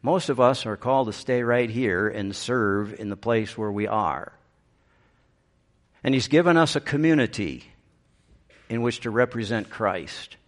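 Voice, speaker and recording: A man's voice: medium pitch, expressive, a little slow. A middle-aged man preaching a sermon as pastor, swinging up to emphatic peaks and dropping into dry, self-aware humor.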